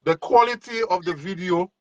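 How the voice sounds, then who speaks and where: Relaxed male host, dull dry sound. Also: high-pitched, moderate pace, dry recording. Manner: relaxed, encouraging, hesitant restarts. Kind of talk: casual interview chat. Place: overseas, remote.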